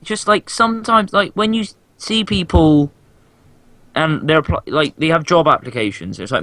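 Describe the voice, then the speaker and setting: A man's voice: a little high, expressive, moderate pace, fairly bright tone, no echo. A young man with a Welsh accent, hosting a casual podcast chat, blunt and mocking as he complains. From Wales. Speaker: podcast host.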